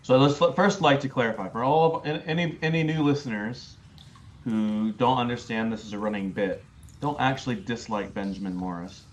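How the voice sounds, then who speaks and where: A man's voice: medium pitch, a little fast, dull audio, slight background noise. A man co-hosting a casual sports podcast, chatty and hedging, repeating words as he works out his opinion. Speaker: podcast co-host.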